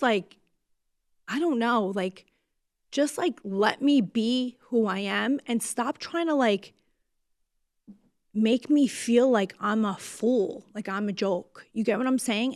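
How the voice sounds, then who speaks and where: A woman's voice: fairly high pitch, no echo. A woman with a New Jersey accent talks on her podcast, holding back tears, frank and loose with her swearing. Her voice sinks at times to near whispers. The sound is dry and close. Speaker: podcast host. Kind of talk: emotional casual podcast talk.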